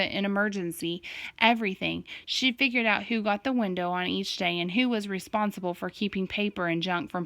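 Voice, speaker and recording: A woman reading a first-person novel aloud in plain, steady storytelling. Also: medium pitch, dry recording. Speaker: audiobook reader.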